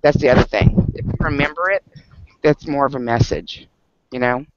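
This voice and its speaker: A man's voice: mid-range voice, moderate pace, noisy background. A man at a book club meeting, telling a story in casual group talk and laughing often. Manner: animated storyteller, laughs often, many fillers. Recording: dull lo-fi sound.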